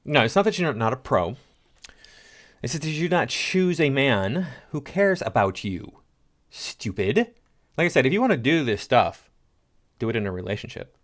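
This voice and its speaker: A man's voice: mid-range voice, sing-song, normal speed, pauses often. A man hosting a reaction commentary, lecturing in an indignant tone. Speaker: commentary host.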